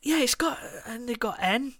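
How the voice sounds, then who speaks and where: A man's voice: very high voice, normal speed, dry recording, clean studio sound. A man co-hosting a casual film chat, laughing and swearing as he retells scenes. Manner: laughing, swearing, animated storytelling. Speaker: podcast co-host.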